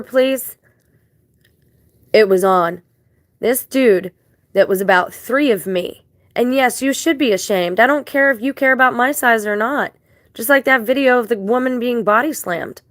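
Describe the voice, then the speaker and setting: A woman's voice: on the high side, lively intonation, moderate pace, no echo. A woman telling a long story in a casual vlog, indignant and rambling, with religious turns of phrase. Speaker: vlogger.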